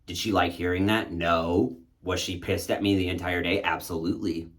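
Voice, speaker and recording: A man's voice: deep voice, fairly even intonation, moderate pace, a bit bright. A man casually telling a candid, reflective personal story and acting out his own past thoughts. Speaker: spiritual content creator.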